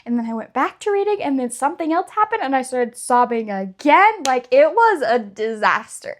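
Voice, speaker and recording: Woman, young adult, casual chat, gushing and chatty, slightly high voice. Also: big pitch swings, moderate pace, few pauses. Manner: chatty, gushing, many likes. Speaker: book vlogger.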